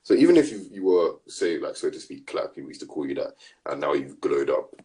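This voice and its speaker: A man's voice: very deep voice, sing-song, fairly quick, warm tone. A young man co-hosting a podcast, making his points emphatically in slangy casual chat. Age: young adult. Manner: emphatic, preachy street slang. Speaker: podcast co-host.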